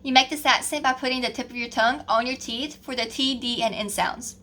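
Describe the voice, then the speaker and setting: A woman's voice: on the high side, fairly even intonation, brisk, sharp tone. A young woman with a Southern American accent, narrating a class project in a chatty, informal way. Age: young adult. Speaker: student presenter.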